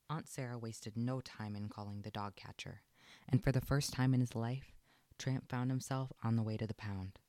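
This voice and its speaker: A man narrating a children's storybook aloud in an expressive, lilting read. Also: mid-range voice, normal speed, dry recording, clean studio sound.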